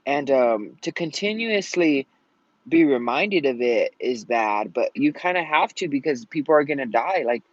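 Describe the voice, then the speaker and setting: A man's voice: mid-range voice, expressive, moderate pace, no room sound. A man venting in a casual vlog rant, rambling and swearing often out of frustration. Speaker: vlogger. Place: at home in Colorado. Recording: dull lo-fi sound.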